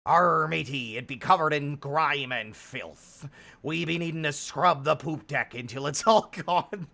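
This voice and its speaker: A man's voice: on the high side, a little slow, creaky, pushed and bright, exaggerated voice. A man in his thirties voicing a hammy male pirate sailor who talks in theatrical pirate speech.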